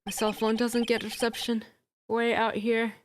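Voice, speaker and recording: A woman's voice: a little high, completely flat delivery, normal speed, natural voice. A woman voicing a brash, nosy Southern photographer with a put-on Southern accent, over game music. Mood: folksy. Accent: attempted Southern US.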